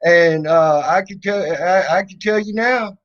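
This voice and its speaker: A man's voice: high voice, measured pace. A man hosting a livestream, talking casually in a mocking, sarcastic way with rambling restarts. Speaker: livestream host. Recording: dull lo-fi stream audio.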